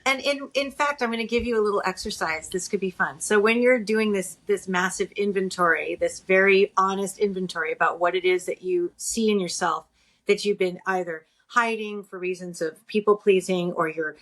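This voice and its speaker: A woman's voice: mid-range voice, normal speed, a bit bright. A woman co-hosting a podcast, giving earnest, encouraging advice in casual conversation. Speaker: podcast co-host.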